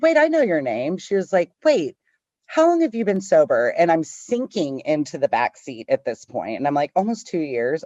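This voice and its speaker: A woman's voice: low voice, no room sound, muffled recording. A woman telling her recovery story in a conversational way, acting out the voices she quotes. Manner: animated, acts out quoted voices. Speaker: guest sharing a recovery story.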